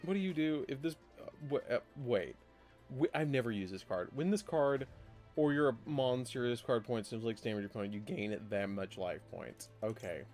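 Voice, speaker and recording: A man streaming a card game live, chatting excitedly to his viewers, laughing often and muttering through his plays. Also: medium pitch, moderate pace, soft background music. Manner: excitable, laughs a lot, talks to chat.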